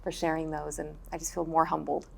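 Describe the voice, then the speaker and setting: A woman's voice: deep voice, flat delivery, brisk, vocal fry, a little mellow, slight background noise. A woman pastor on a panel, speaking earnestly and repeating key phrases for emphasis. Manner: earnest, preacher-like emphasis with repetition. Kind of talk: panel discussion.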